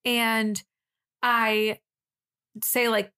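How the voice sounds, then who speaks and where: A woman's voice: a little high, moderate pace, a bit bright. A young woman co-hosting a podcast, telling a funny story in casual chat, acting out quotes and swearing now and then. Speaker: podcast co-host.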